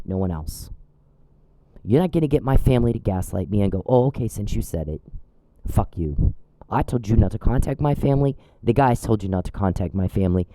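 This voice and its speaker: A man's voice: lowish voice, mellow, rough recording. A man speaking an angry direct-address monologue, blunt, scolding and profane. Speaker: channel host.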